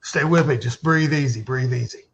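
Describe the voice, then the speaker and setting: A man voicing a gruff, protective man who steadies and urges on a wounded boy in a tabletop game. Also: mid-range voice, moderate pace, lo-fi sound, a crowd in the background, natural voice. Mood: soothing, urgent. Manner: urging, steadying.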